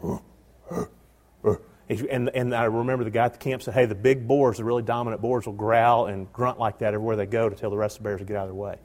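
A middle-aged man telling a hunting story live to an audience, animated, with frequent halting restarts. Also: mid-range voice. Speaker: storyteller guest.

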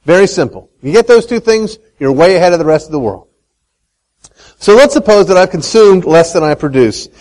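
Guy giving a talk to a crowd, voice goes way up and down, kinda high, keeps asking the room stuff. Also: a little fast, rough recording. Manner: animated, asks the audience questions, tells a folksy story. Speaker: speaker on Christian economics. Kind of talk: lively talk to a live audience.

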